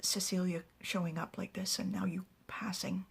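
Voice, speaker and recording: Woman whispering calm reassuring male chief, whispered role-play, soothing, gravelly. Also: on the low side, moderate pace, heavily acted.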